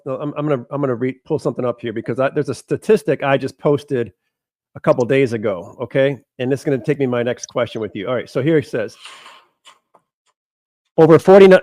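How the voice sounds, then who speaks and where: A male podcast host with a mid-pitched voice asks direct, probing questions and presses for details. The recording is dry and close, with no room sound. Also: a little mellow, no echo. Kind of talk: interview podcast.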